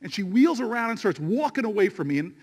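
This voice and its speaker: A man giving an impassioned rally speech, telling a story and building to shouted refrains. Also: high-pitched, very animated, fast. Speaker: politician.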